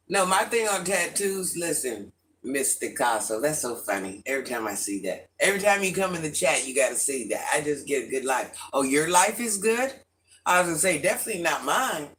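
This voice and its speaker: A middle-aged man chatting casually on a livestream, greeting viewers by name and answering their comments in an animated way. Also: fairly high pitch. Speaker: livestream host.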